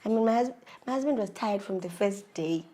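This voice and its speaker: A woman's voice: mid-range voice, a little fast, dark tone. A South African woman in her thirties, emotionally confiding a personal story with frequent restarts. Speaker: vlogger.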